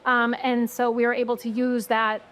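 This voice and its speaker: A woman's voice: a little high, level tone, moderate pace, fairly bright tone. Chatty, hedging woman activist. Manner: conversational, hedging, passes the floor to others. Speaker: community activist panelist. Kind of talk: live panel discussion. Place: live event at a coffee house.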